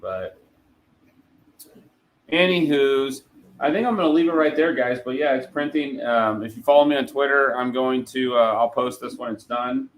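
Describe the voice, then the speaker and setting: A man's voice: medium pitch, normal speed, a little hiss or hum, low-quality recording. A man chatting casually on a livestream, rambling and talking to viewers while a 3D printer runs. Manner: laid-back, rambling, talks to chat. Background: printer running.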